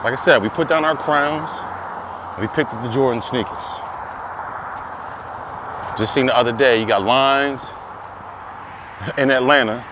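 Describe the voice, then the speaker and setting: A man's voice: mid-range voice, unhurried, pauses often, dull audio, noisy background. A man delivering an impassioned monologue, preaching with repeated rhetorical questions that climb to emphatic peaks. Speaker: commentator.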